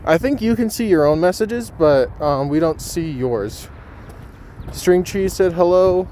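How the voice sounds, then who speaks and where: A man's voice: high voice, lively intonation, a little slow, dark tone, slight background noise. A man hosting a casual live stream, chatting and reading viewer comments aloud with frequent ums.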